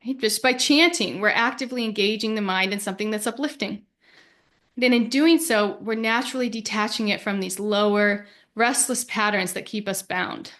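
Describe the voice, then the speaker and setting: A woman hosting a podcast, giving an earnest, gentle spiritual talk and repeating words as she thinks. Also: medium pitch, normal speed. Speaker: podcast host.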